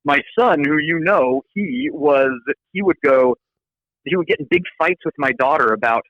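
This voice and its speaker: A man's voice: on the high side, moderate pace, no echo, lo-fi sound. A man with an American accent, a law professor being interviewed, telling stories animatedly and often restarting phrases. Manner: animated, restarts phrases, voices others in quotes. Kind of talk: conversational interview storytelling.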